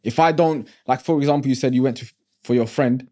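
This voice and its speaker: A man's voice: medium pitch, brisk, mellow. A man hosting a casual interview, talking in a reflective, preachy way with street slang. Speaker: podcast host.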